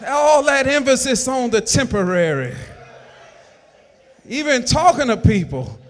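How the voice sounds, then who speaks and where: A man preaching a sermon as pastor, with emphatic delivery that swells into shouted lines. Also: very high voice, expressive, measured pace. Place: church sanctuary. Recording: long church hall reverb.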